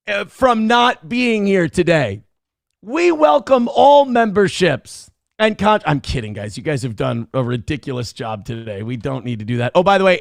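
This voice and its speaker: A man hosting a live online show, talking casually and excitedly, cursing freely while thanking viewers for donations. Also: high voice, creaky, no echo, clean studio sound. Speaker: livestream show host.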